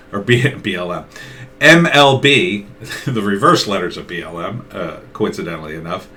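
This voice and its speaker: A man's voice: sits low, normal speed. A middle-aged man giving a casual political opinion monologue, acting out both sides of imagined conversations. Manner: acts out both sides of imagined dialogues, animated. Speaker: political commentator.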